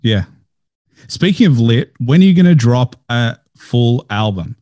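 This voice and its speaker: A man hosting a casual interview podcast, talking in a deadpan, dry, even tone. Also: mid-range voice, unhurried, dry recording. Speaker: podcast host.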